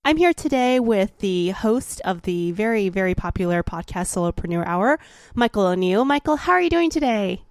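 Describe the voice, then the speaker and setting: A woman hosting a podcast interview, bubbly and quick to laugh. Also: mid-range voice, expressive, no echo, studio quality. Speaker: podcast host and comedian.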